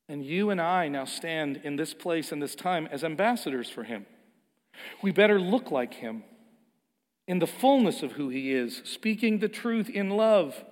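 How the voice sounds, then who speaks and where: A man delivering a sermon from the pulpit, his voice sitting a little high for a man. He pushes his points with emphasis and repetition, rising and falling in force. The sound has the long reverb of a large church hall. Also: animated, unhurried. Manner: emphatic, swings between soft and loud, repeats words. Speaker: pastor.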